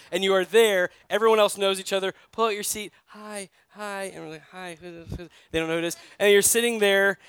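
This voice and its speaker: A man's voice: high-pitched, fairly bright tone, smooth, no echo. A man from New York, a pastor giving a sermon in a conversational storytelling way, often asking his listeners directly.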